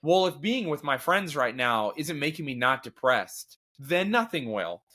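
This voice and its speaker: A man's voice: on the high side, very animated, a little slow, bright, forceful tone. A man hosting his own show, talking candidly and a bit ramblingly about grief and faith, self-deprecating, with lots of fillers and restarts. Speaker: podcast host.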